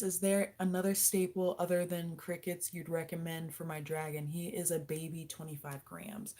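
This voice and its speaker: A woman's voice: lowish voice, darkish tone. Young woman, casual livestream host, chatty, coos baby talk to her pet. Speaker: livestream host reading viewer questions. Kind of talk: casual live-stream chat.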